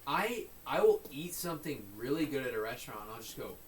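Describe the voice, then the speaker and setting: A man's voice: medium pitch, expressive, quick pace. A man co-hosting a podcast in casual chat, laughing and riffing along playfully. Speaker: podcast co-host. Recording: distant mic with faint hiss.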